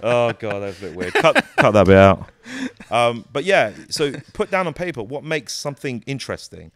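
A man talks in a casual interview, his pitch bouncing all over as he jokes and swears. He drops into quick impressions of other people mid-sentence. The sound is dry and close, with no room echo. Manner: animated, jokey, swears freely, slips into quick character voices. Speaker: comedian and actor, guest.

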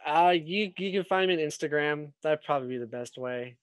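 A man's voice: a little high, brisk, clean tone, dry recording. Young man with a raised, dry voice. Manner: rambling, swears freely, many "you know"s. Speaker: podcast guest, filmmaker. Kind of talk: casual chat.

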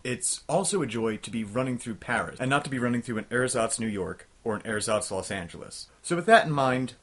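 A man's voice: medium pitch, fairly bright tone. A man hosting a retro game review show, talking in a dry, sarcastic, self-deprecating way.

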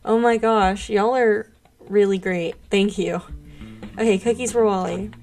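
A woman's voice: mid-range voice, fairly even intonation, measured pace, darkish tone, soft background music. A young woman streaming a game, chatting casually and gushing thanks to her viewers. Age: young adult. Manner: bubbly, gushing thanks to chat. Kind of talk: casual live-stream chat while gaming.

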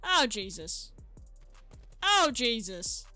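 Woman gamer host, bright kinda high voice, yelps a lot while playing, faint music behind. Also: extremely slow, dry recording. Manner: excitable, yelps and exclaims mid-game, chatty to viewers. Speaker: gaming channel host. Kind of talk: gameplay commentary. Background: faint background music.

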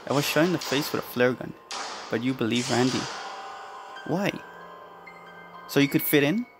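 A man voicing a cold, emotionless teenage boy killer who speaks low and almost growling, with music underneath. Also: moderate pace, lightly acted.

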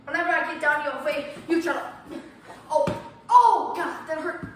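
A woman's voice: sits high, steady tone, a little fast, heavy reverb, far from the mic, noisy background. A woman gaming vlogger playing a fighting game and trash-talking her opponent with playful tough-guy bravado.

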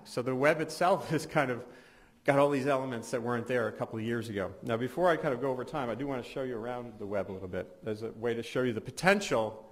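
A middle-aged man, a journalist, giving a conversational conference talk with wry asides and frequent restarts. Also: medium pitch. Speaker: science journalist. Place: symposium hall.

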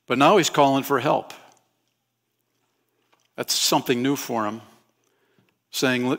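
A man's voice: mid-range voice, takes it slowly, creaky, pauses often, a bit bright. A man as pastor, preaching a conversational sermon to his congregation in a church and asking them questions. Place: church sanctuary.

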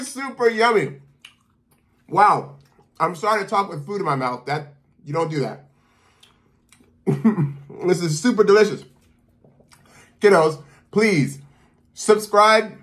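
A host of a children's channel giving a cheerful cooking demo for kids, talking upbeat and calling the young viewers kiddos. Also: mid-range voice.

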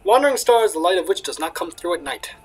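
A man voicing an eccentric old male stargazer with a loose attempted Russian accent and a slow, solemn storytelling delivery, reading game dialogue aloud. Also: high-pitched, expressive, breathy edge, faint music behind, rough recording.

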